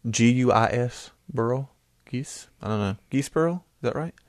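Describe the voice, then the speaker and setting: A man's voice: medium pitch, moderate pace, darkish tone, dry recording, clean studio sound. A man co-hosting a casual podcast, easygoing and joking as he reads out listener messages. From United States. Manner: easygoing, joking, stumbles over place names. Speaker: podcast co-host.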